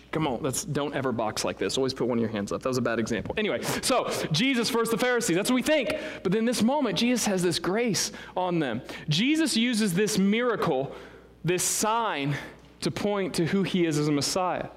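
A man preaching a sermon as pastor, in a conversational way with frequent "right?" asides. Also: a little high. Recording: long reverb of a large hall.

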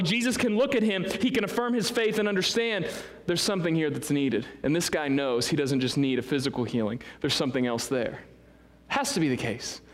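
A man preaching a sermon as pastor, in a conversational way with frequent "right?" asides. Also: a little high. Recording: long reverb of a large hall.

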